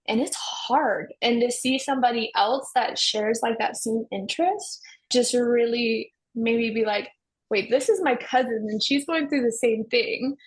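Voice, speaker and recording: A woman's voice: a little high, a little slow, few pauses, rough recording. A young woman guest on a podcast, talking casually with many "like"s and frequent laughter. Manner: chatty, lots of "like", laughs often. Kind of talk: casual chat.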